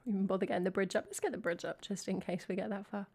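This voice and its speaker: A woman's voice: medium pitch, steady tone, vocal fry, husky. A woman from England on a live music stream, singing folk songs and then chatting casually with her viewers. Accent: English. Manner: sings folk songs in a put-on accent, then chats quickly and casually with chat. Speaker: singer-songwriter streamer. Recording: long reverb over loud guitar. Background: guitar accompaniment.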